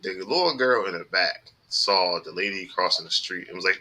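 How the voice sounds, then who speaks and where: A man telling rideshare-driving stories on a podcast, animated and full of profanity. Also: low voice, normal speed, low-quality recording. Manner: animated storytelling, heavy profanity. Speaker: podcast host, rideshare driver. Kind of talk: casual chat.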